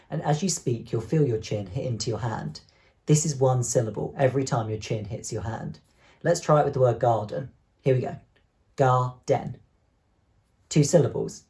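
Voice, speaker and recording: A man's voice: medium pitch, warm tone, no echo, studio quality. Upbeat male teacher talking to kids. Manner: clear, encouraging, speaks to pupils directly. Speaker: primary school teacher. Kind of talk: online lesson for children.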